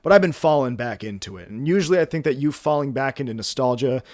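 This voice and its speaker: A young man in his twenties vlogs from home in a mid-range, slightly mellow voice, talking fast with lively intonation and sounding a bit out of breath. He rambles and pokes fun at himself, full of fillers and restarts. The studio-clean recording has no echo.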